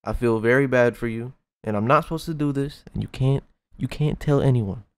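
A man's voice: medium pitch, fairly quick, smooth, dry recording, lightly acted. A man playing a polite, flustered male phone support agent in a comedy skit.

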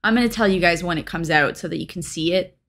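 A woman's voice: on the low side, quick pace, fairly bright tone. A young adult woman, an actor, casually talking through a reaction to her old show in a rambling way and often correcting herself. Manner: rambling, chatty, with frequent self-corrections.

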